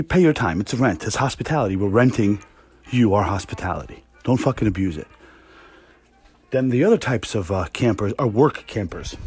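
A man hosting a podcast, ranting casually and profanely with exasperated, animated energy and a husky voice. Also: mid-range voice. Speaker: podcast host. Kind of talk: casual rant monologue.

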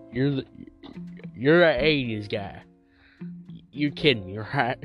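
A man hosting a music review show, playing himself in a comic skit with quick, exasperated comebacks. His pitch is mid-range and his pace slow overall. Loud music runs underneath everything. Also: expressive. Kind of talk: comedic skit monologue. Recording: music playing loudly behind.

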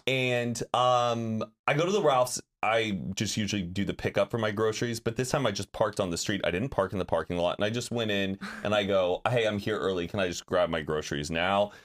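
A man's voice: fairly low pitch, brisk, few pauses, a bit bright. A man in his thirties, a podcast co-host, telling a story in casual chat with lots of acted-out quotes. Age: 30s.

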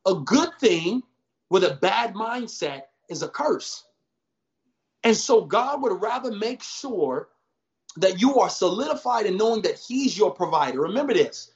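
A man, a pastor, preaching in a podcast conversation with energetic, slangy storytelling and emphatic repeated lines. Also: high-pitched, a little slow, dull audio. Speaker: pastor guest.

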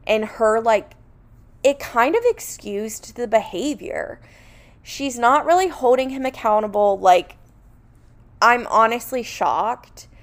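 A young woman podcast host who talks at an unhurried pace and picks her words slowly. She is sarcastic and animated, with plenty of "like" fillers, and her voice sits at a medium pitch. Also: creaky. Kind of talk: casual commentary.

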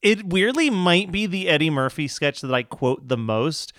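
A man co-hosting a casual chat, talking through his picks in a measured, thoughtful way. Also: fairly high pitch, expressive, a bit bright, no echo, studio quality. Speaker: podcast co-host.

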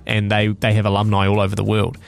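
Over soft background music, a male radio co-host rattles through light news stories fast, in a lowish, monotone, gravelly voice. His delivery is casual and jokey, rambling and packed with fillers.

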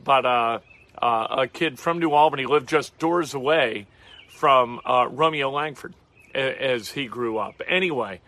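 Bright-voiced opinionated sports talk host. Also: male voice, mid-range voice, measured pace. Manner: emphatic, chatty, repeats words as he restarts.

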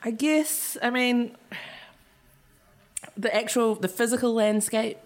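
A woman's voice: a little high, steady tone, slow pace. A woman chatting casually on a podcast, thoughtful and wry, with a dry sense of humor. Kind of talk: casual chat.

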